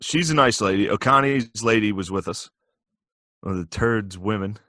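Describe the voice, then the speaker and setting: A man trades wisecracks in relaxed podcast banter. He delivers his riffs in a dry, deadpan way. His voice sounds close and dry on a studio mic. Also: on the low side, normal speed, no echo. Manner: wisecracking, riffing on jokes with a deadpan tone. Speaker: podcast co-host. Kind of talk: casual banter.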